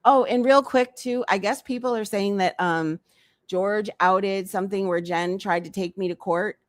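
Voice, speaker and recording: A woman hosts a casual commentary livestream and speaks bluntly, hammering her points home by repeating them. Her voice sits at an everyday middle pitch. The recording is dry and close, with no room sound. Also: moderate pace, dry recording.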